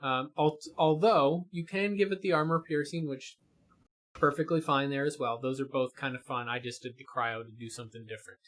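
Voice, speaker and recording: A man's voice: mid-range voice, steady tone, brisk, fairly bright tone. A man co-hosting a gaming stream in casual chat, explaining character builds with many fillers and restarts.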